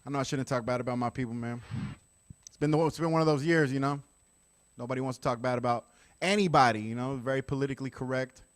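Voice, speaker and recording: A man doing a stand-up set, conversational with deadpan punchlines. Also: medium pitch, quick pace, no echo. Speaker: stand-up comedian.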